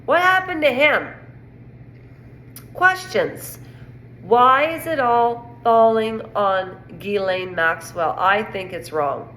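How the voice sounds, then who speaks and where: A woman's voice: a little high, slow, few pauses, fairly bright tone. A woman from Canada giving a rambling, indignant casual opinion monologue on pop culture. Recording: echoey room with faint noise.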